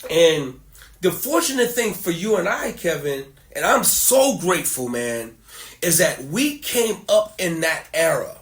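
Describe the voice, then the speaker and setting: A middle-aged man hosting a podcast as a musician, telling stories in casual conversation with lively, laughing energy. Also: a little high, a little slow. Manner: animated storyteller who laughs often. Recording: roomy echo.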